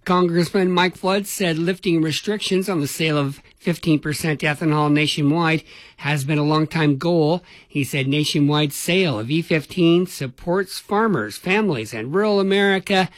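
A man anchoring a local radio newscast, reading the headlines in an even, measured way. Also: fairly high pitch, dry recording. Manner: even, measured newsreader delivery. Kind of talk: read news bulletin.

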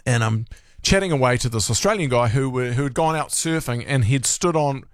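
A man's voice: medium pitch, a little fast. A middle-aged man, hosting a breakfast radio show and telling a story in casual chat. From New Zealand. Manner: storytelling, acts out quoted voices.

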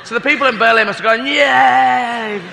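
Man, stand-up comic, rambling and self-interrupting, high voice, long hall reverb, noisy background. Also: racing, gravelly, bright, forceful tone. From Britain. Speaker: stand-up comedian.

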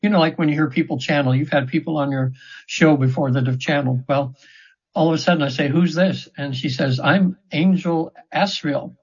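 In a casual interview, a seventies-aged trance session practitioner recounts stories earnestly, rambling and restarting often. He speaks a little fast in a high-leaning, breathy voice with fairly even intonation, over dull, somewhat lo-fi audio.

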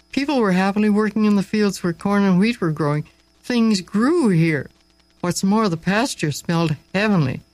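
Expressive male storyteller, dry close voice. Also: fairly high pitch, dry recording, rough recording. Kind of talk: read-aloud story narration.

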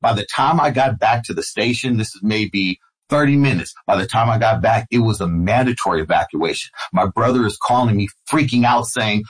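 On poor-quality audio, a middle-aged radio host being interviewed recounts a personal story and performs the voices of its characters. He speaks briskly and with animation, his voice on the low side.

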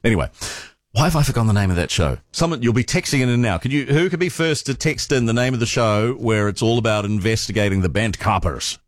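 A man's voice: medium pitch, lively intonation, quick pace, no echo. A man hosting a talk radio show, chatting casually and often stumbling over and repeating his words.

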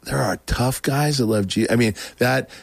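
Middle-aged man, medium pitch, rambling interview storytelling, dry close sound. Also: moderate pace, gravelly, no echo. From Oregon, US. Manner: rambling, self-interrupting, animated when acting out quotes. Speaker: guest telling his testimony.

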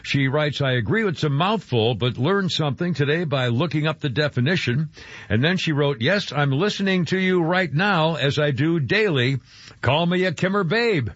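A man's voice: fairly high pitch, expressive, normal speed, fairly bright tone, slightly rough, no room sound. A man hosting a radio talk show, rambling, joking and often breaking off mid-sentence. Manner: rambling, self-interrupting, jokey. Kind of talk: casual radio banter. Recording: dull lo-fi radio broadcast.

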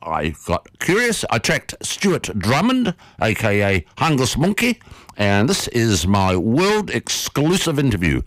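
A man hosting a radio show, telling a story in an animated, playful way before an interview. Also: medium pitch, measured pace, no echo. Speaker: radio host.

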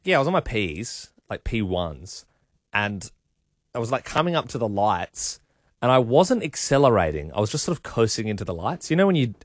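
A man's voice: fairly low pitch, sing-song, moderate pace, no room sound, clean studio sound. A young adult man with an Australian accent co-hosting breakfast radio, chatty and self-mocking as he tells stories. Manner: chatty storyteller, self-mocking, laughs often. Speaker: radio co-host. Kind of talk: casual breakfast radio chat.

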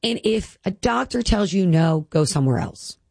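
A woman's voice: mid-range voice, lively intonation, moderate pace, vocal fry, darkish tone, no echo. A woman in her thirties, a guest speaking earnestly and emotionally about her health, with many "like" fillers. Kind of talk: candid personal interview.

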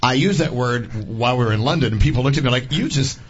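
A man hosting a radio show, telling animated stories and laughing as he goes. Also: mid-range voice, fast, slightly rough, lo-fi sound. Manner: animated storyteller, laughs through anecdotes. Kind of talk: casual radio chat.

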